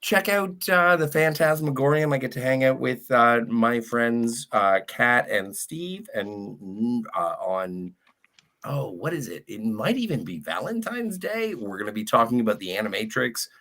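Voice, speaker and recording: A man's voice: medium pitch, expressive, unhurried, pushed and bright. A man guesting on a casual online chat, rambling through cheeky jokes and plugs.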